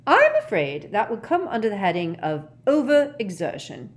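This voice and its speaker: A woman's voice: mid-range voice, huge pitch swings, moderate pace, voice pushed up. A woman voicing a bustling, bossy older school nurse who speaks firmly. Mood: stern. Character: brisk, stern school matron, older woman.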